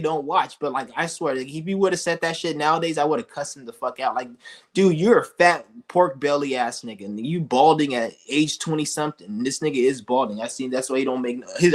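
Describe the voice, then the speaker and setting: A man's voice: mid-range voice, a bit bright. A man ranting casually to camera as a YouTuber, blunt and profane, often restarting his sentences.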